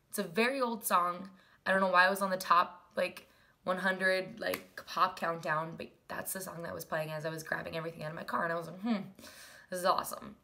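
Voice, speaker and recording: A woman's voice: fairly low pitch, bright, forceful tone. A young woman from North Dakota telling a personal story in a casual, chatty way, full of "like"s and acted-out quotes. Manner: chatty, many "like"s, acts out quoted dialogue.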